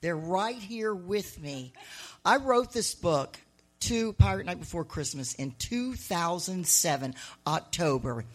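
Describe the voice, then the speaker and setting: A middle-aged woman and author telling stories live on stage to an audience, chatty and animated, with laughing asides. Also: fairly low pitch, takes it slowly. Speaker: author and honorary mayor addressing an audience.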